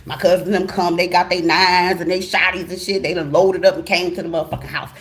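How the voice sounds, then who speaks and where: Animated, profane woman telling a story. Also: fairly low pitch, fairly quick. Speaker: tarot channel host. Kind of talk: storytime monologue.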